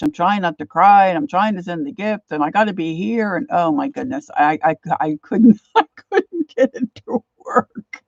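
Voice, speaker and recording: A woman's voice: fairly low pitch, no echo, muffled recording. Chatty older woman greeting stream viewers. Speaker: art livestream host. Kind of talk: casual livestream chat. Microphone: computer mic, set far from her face.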